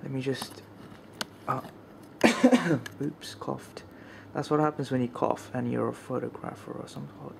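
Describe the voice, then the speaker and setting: A man talks casually to his viewers outside at night, his voice tight from shivering in the cold. He speaks at a middling pitch, sometimes dropping to quiet murmured asides. The built-in camcorder mic picks up a faint hiss of outdoor air around him. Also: unhurried, creaky. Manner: chatty, with fillers and some quiet murmured asides. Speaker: vlogger. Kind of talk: casual vlog narration.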